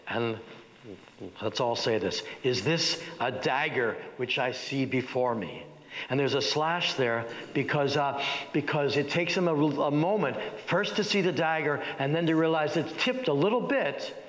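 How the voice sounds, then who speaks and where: A man teaching an acting workshop, talking with energy and often stopping to restart his sentences. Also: medium pitch. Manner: energetic, many restarts and stammers. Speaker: workshop leader. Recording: echoey hall with faint noise.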